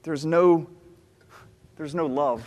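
This Southern American pastor takes his time, preaching in a fairly high, expressive voice and retelling the story with animation and repeated key phrases. A big church sanctuary lends the sound a long, hall-like reverb.

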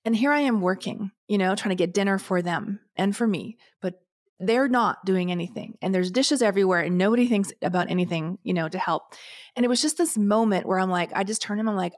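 A woman's voice: medium pitch, a little fast. A middle-aged woman co-hosting a podcast, speaking frankly and emotionally, close to tears. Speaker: podcast co-host. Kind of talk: casual podcast chat.

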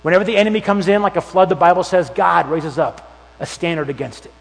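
A high-pitched male preacher gives a lively sermon, telling the story with plenty of acted-out voices and sudden bursts of volume. His voice rings through a large hall with a long, lingering reverb. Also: fast talker, vocal fry. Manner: animated storytelling, acts out voices with shouts and whispers. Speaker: youth pastor.

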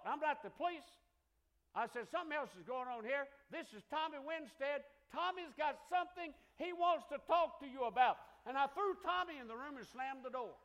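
A man's voice: high-pitched, fairly bright tone. An older man with a Southern accent preaching a sermon, telling stories and calling for amens from the congregation. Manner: storytelling preacher with call-and-response amens. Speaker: pastor.

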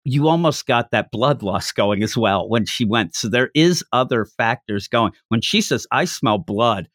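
Male podcast co-host, casual manga chat, very lively swooping pitch, dry close mic, breaks into quick character voices. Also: no echo. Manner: animated, acts out character lines in quick voices.

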